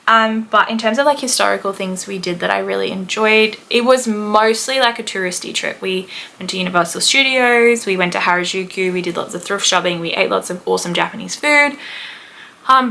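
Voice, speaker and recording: A chatty Australian woman in her thirties rambles through a travel story, full of "like" and "um". Her voice is bright with a gravelly edge. A faint background hiss sits under the recording. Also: medium pitch. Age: 30s. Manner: chatty and rambling, with many "like" and "um" fillers. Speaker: podcast host, history teacher. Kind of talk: casual chat, travel storytelling.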